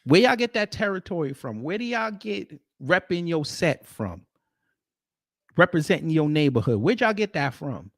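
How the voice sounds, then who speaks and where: A man's voice: on the high side, very animated, moderate pace, a bit bright, no room sound, clean studio sound. A man hosting a livestream, ranting at and mocking the clips he reacts to. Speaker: livestream host.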